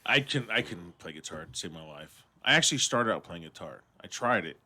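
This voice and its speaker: A man's voice: sits low, very animated, brisk, pushed and bright. A man hosting a casual radio show, rambling, swearing freely, and trailing off mid-sentence. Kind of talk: casual studio chat. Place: radio studio.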